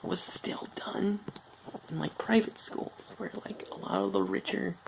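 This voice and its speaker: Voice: mid-range voice, creaky, background noise. A film reviewer talking casually, rambling off on tangents with many filler words.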